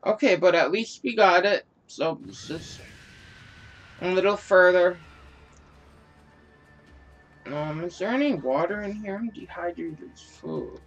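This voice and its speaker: A man's voice: high-pitched, animated, measured pace, long pauses, faint music behind. A man giving casual, joking commentary over a video game, mocking himself and swearing freely. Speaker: gaming video creator.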